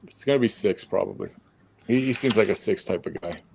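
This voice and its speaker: A man in his fifties hosting a casual livestream chat, bantering with profanity and loud outbursts over a video call. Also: on the low side, a little fast, gravelly, slight background noise. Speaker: host.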